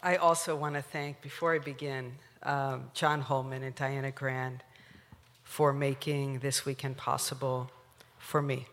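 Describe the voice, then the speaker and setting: A woman rabbi opening her sermon in a relaxed, joking way to the congregation. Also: a bass voice, measured pace, a little hiss or hum. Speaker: guest rabbi and scholar. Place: synagogue sanctuary. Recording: long hall reverb.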